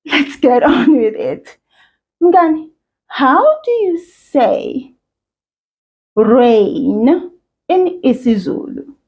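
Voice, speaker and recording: A woman teaching a children's language lesson, encouraging and sing-song, speaking slowly and clearly. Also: high voice, very animated, dull audio. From South Africa.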